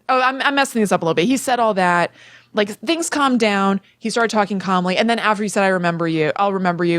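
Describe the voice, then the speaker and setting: A woman's voice: on the low side, no echo. A young woman co-hosting a podcast, casually retelling a story in a chatty way full of "like" fillers. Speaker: podcast co-host.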